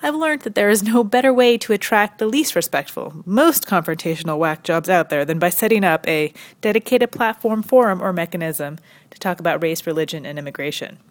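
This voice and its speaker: A young woman from Quebec delivers a scripted satirical monologue. Her voice sits fairly low, and her tone is dry and sarcastic. She punctuates it with sharp, high leaps of mock incredulity. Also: expressive, a little fast. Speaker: satirical commentary host.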